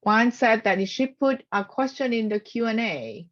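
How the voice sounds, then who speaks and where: A woman's voice: a little high, lively intonation, unhurried. A woman moderating a talk over a video call, inviting the audience to ask questions in an encouraging way. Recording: muffled video call audio.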